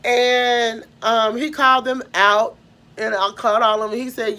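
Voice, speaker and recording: A woman's voice: on the high side, fairly even intonation, moderate pace, pushed and bright. A young woman, rambling through a personal story and correcting herself as she goes. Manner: rambling, self-correcting, emotional retelling.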